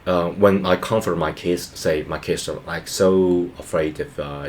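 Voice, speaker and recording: A man in his thirties, a channel host and father, giving a reflective personal monologue in an earnest, hesitant way, with many fillers and restarts. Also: low voice.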